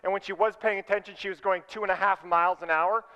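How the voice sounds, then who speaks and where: Animated high-voiced pastor in a hall. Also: male voice, quick pace, smooth, dull audio. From California. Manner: animated storyteller, acts out his own voice. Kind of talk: sermon with storytelling. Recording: long hall reverb.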